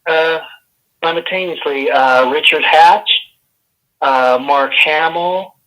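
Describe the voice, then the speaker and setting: A man's voice: on the high side, takes it slowly, sharp tone, low-quality recording. A man calling in as a podcast guest, joking and teasing in a playful, self-mocking way. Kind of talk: casual joking chat over a call. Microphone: phone call.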